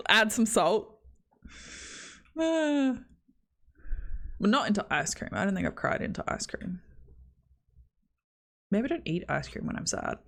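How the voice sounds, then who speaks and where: Lively, chatty Australian woman streamer. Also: mid-range voice, slow pace, long pauses. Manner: chatty, self-deprecating, laughs often. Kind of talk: casual chat with stream viewers.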